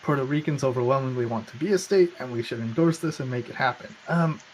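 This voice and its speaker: A man's voice: medium pitch, fast talker, low-quality recording. Guy ranting about politics, sarcastic, rambly, bit of hiss behind him. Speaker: podcast co-host. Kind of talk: casual political chat.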